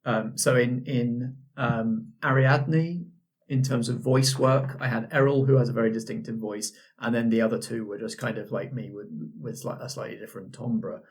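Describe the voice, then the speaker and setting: A man talking casually as the show's game master. His voice is mid-pitched and ordinary, and he often hesitates and restarts mid-sentence. He speaks easily, with a relaxed conversational manner. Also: moderate pace. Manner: hesitant, many restarts and ums, laughs easily. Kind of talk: casual chat about his characters.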